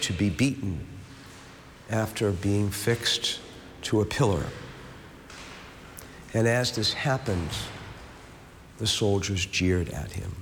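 Male prayer leader, measured rosary recitation, reverberant room, light background noise. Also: lowish voice. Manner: steady rhythmic recitation, falling on each amen; slow reflective speaking in the meditation. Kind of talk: leading a recited rosary with a meditation. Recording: long reverb, faint background hiss.

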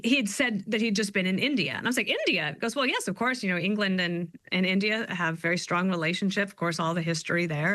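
A woman's voice: mid-range voice, fairly bright tone, no echo, studio quality. A woman guest author talking in a casual interview, chatty and upbeat, telling stories with playful quoted voices.

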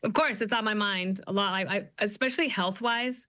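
A woman in her fifties talks as a guest author, telling her stories quickly and with animation. Her voice is bright and lively in tone. The recording is close and dry, with no room around it. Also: medium pitch, dry recording. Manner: quick, animated storytelling with quoted asides. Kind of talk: interview conversation.

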